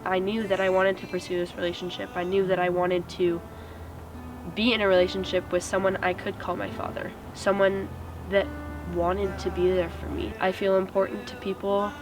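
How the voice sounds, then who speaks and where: A teenage girl giving an earnest, steady personal testimony as a student. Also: medium pitch, normal speed, low-quality recording. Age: teens. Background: music.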